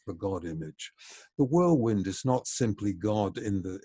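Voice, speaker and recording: Low, husky-voiced male lecturer. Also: dark tone, dry recording, clean studio sound. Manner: measured, thoughtful explaining. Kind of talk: recorded lecture.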